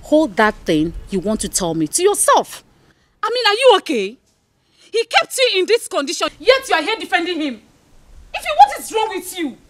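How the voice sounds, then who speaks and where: An indignant friend who scolds. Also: female voice, very high voice, huge pitch swings, normal speed, no echo, full character voice. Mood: scolding. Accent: Nigerian. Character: indignant young woman scolding her friend. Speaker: friend confronting another woman. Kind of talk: film drama acting.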